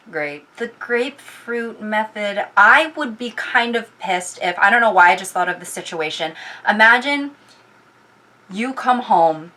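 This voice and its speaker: A woman's voice: medium pitch, a bit bright. A young adult woman vlogger rambling casually to her viewers, chatty with giggly asides.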